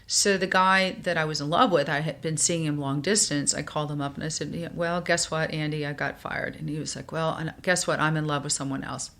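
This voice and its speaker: A woman's voice: deep voice, a little fast, hardly any pauses. An older woman from New York, a guest in a podcast interview, telling stories and acting out the voices of the people she quotes. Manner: animated, acts out quoted voices.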